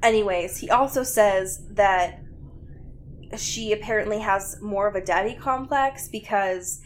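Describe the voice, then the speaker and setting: A woman's voice: medium pitch, unhurried, a little hiss or hum. A young woman co-hosting a podcast, recapping a book in a casual, sarcastic way with lots of "um" and "like" and some swearing. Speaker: podcast co-host.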